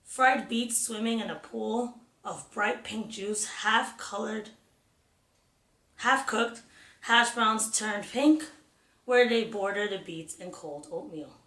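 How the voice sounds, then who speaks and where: A woman reading a novel aloud in a measured, unhurried way. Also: mid-range voice, a bit bright. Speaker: reader. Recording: roomy echo.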